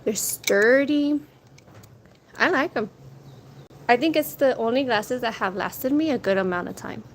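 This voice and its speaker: A woman's voice: on the high side, lively intonation, moderate pace. A woman chatting casually on a food vlog, laughing often and retelling what others said, outdoors on a street. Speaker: food vlogger. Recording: noisy outdoor street sound. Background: street noise and wind.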